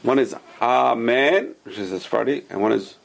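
A man's voice: on the low side, quick pace, creaky, a little mellow, slight background noise. A man teaching a casual religious class who repeats his points and drills pronunciation with the students.

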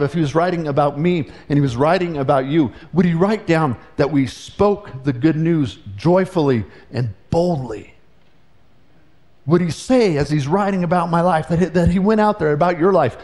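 A pastor with a fairly high, slightly mellow voice preaches earnestly yet conversationally, frequently restarting his phrases.

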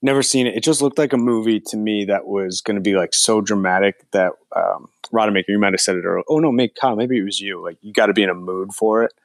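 A man's voice: lowish voice, fast talker, vocal fry, hardly any pauses, dry recording. A man co-hosting a casual film podcast, laughing easily and acting out his own reactions. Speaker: podcast co-host.

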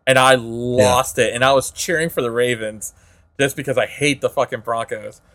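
A man's voice: mid-range voice, steady tone, moderate pace, a bit bright, no room sound. A young man co-hosting a podcast in casual chat, laid-back, laughing and swearing. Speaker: podcast co-host.

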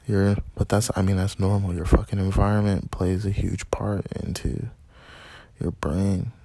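A man hosting a casual solo podcast from a small dark room, rambling and swearing in a laid-back way. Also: fairly low pitch, vocal fry, husky, dry recording. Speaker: podcast host.

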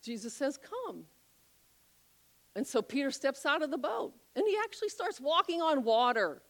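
A woman preaching a sermon, telling a Bible story with animated, acted-out voices. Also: sits high, fairly quick. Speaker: pastor.

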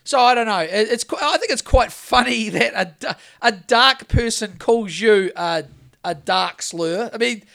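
A man's voice: high voice, a little slow, vocal fry, fairly bright tone. A man with a New Zealand accent, co-hosting a podcast in a heated, profane rant. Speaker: podcast co-host.

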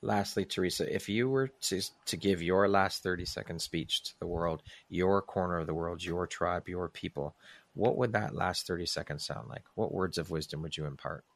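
A man's voice: low voice, normal speed, vocal fry, a bit bright, no room sound. A man hosting a podcast interview, asking reflective questions and giving earnest, effusive thanks. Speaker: podcast host.

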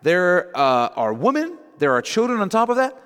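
Moses, exasperated and incredulous, played by a man, pitched well above his own voice, racing and pleading with a long reverb trailing through a large hall. He sounds frantic at every turn. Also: sing-song, fairly bright tone, clear, resonant tone. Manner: raised, incredulous, rushed pleading.

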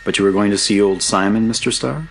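A man's voice: lowish voice, quick pace, creaky, slight background noise, voice pushed up. A man reading an audiobook, voicing a cheerful young male Scottish miner turned farmhand in a hearty, merry way. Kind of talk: audiobook character voice.

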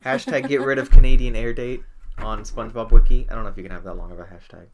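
A young man co-hosts a casual podcast, rambling and laughing often at a middle pitch. Faint noise and clicks sit under his voice. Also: fairly even intonation, quick pace, fairly bright tone. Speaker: podcast co-host.

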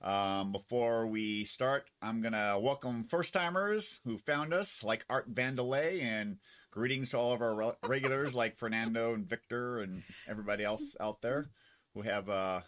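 A man co-hosting a casual livestream chat, talking in halting, rambling bits. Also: mid-range voice, fairly bright tone. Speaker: co-host.

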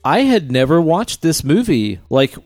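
A man's voice: a little high, sing-song, a little slow, darkish tone, no room sound, soft background music. A man co-hosting a podcast in casual chat, joking and swearing freely. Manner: profane, laughing, joking. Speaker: podcast co-host.

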